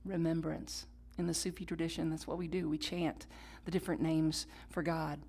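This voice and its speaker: Low, slightly rough, and level in tone, this woman pastor's voice moves at a normal speed through her sermon. She shifts between loud emphasis and quiet whispers, drops in conversational asides, and guides the congregation through call-and-response.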